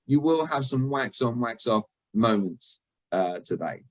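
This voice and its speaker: A British-born communication trainer leads an online workshop over a video call, joking and putting questions to his audience in a chatty way. His mid-range voice is animated but a little slow, with no room sound and a rough recording.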